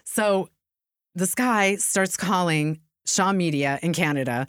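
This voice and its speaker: A woman's voice: fairly low pitch, takes it slowly, smooth, no room sound, clean studio sound. A middle-aged woman talking as a guest in a casual chat, telling stories and acting out what other people said. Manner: animated, acts out quoted voices. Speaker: podcast guest.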